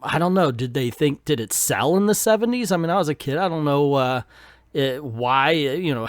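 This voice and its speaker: A middle-aged man recaps a vintage comic for his viewers, breaking in with sarcastic asides. His voice sits a little high, and the recording is close and dry with no room sound. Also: lively intonation, normal speed, no echo. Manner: sarcastic, voices characters while reading. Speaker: comic book reviewer. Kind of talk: comic recap with read-aloud panels.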